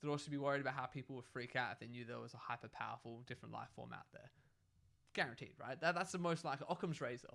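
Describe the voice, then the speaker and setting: A young man, co-hosting a casual podcast chat and arguing his theory in an animated way. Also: medium pitch, very fast, gravelly. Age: young adult. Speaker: podcast co-host.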